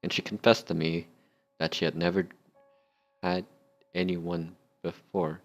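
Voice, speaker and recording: Low plain voice, a man reading as a young bartender recalling his sins, subdued. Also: flat delivery, unhurried, soft background music.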